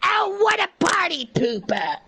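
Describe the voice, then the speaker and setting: A man voicing a manic animatronic bear entertainer, shrill and shouting like a party host. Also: wildly swooping pitch, measured pace, full character voice.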